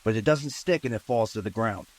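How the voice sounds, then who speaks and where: A man narrating a true-crime story in a relaxed, conversational way, with asides and fillers. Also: on the low side, a little fast, rough recording.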